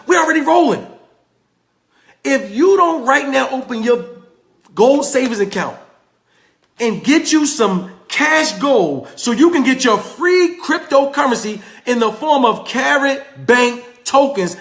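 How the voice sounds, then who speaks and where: A man giving an excited sales pitch on a livestream, reading articles aloud and calling out to his viewers. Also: roomy sound. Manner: animated, repetitive, calls out to viewers. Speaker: crypto promoter on a livestream. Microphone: phone or webcam on a live stream.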